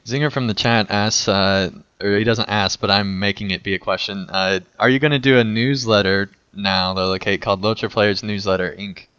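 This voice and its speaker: A man's voice: lowish voice, fairly even intonation, moderate pace, few pauses, a bit bright, clear, resonant tone, dry recording, muffled recording. A man co-hosting a casual online game podcast, laughing often and teasing the others. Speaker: podcast co-host. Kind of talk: casual group chat.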